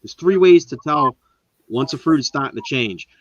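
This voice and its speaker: A man's voice: mid-range voice, animated, normal speed, no room sound. Man chatting on a lo-fi live stream. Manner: enthusiastic, rambling show-and-tell. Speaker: host. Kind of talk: casual live-stream chat. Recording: dull lo-fi sound.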